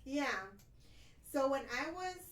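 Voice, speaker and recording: A woman's voice: high-pitched, slow, a loud crowd. A young adult woman co-hosting a podcast, chatting casually and switching between English and Spanish mid-sentence. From United States. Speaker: podcast co-host. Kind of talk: casual bilingual chat. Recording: roomy sound from off-mic.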